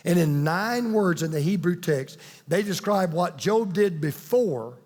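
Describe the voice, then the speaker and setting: A man preaching a sermon as a pastor, emphatic, with dramatic pauses between words. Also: high-pitched, lively intonation, a little mellow, in a large hall.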